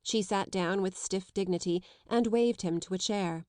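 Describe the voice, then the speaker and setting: In a measured, even storytelling voice, a woman narrates a classic children's novel as an audiobook. Her voice is mid-range, and the scripted narration is recorded dry in a clean studio.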